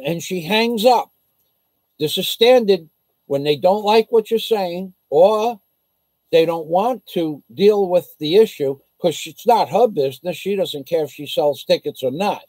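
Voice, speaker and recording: A man's voice: on the high side, lively intonation, unhurried, a little mellow, no room sound, poor audio. An American man vlogging from the Philippines, telling an indignant, rambling story on a casual livestream. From United States.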